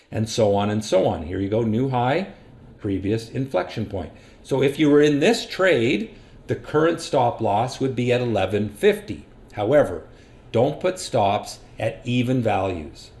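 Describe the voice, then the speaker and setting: A man of medium pitch talks through trading charts like a patient instructor, steady and matter-of-fact. His delivery is practical and unhurried, the voice of a regular educator walking viewers through a method on screen. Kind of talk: screen-share market lesson.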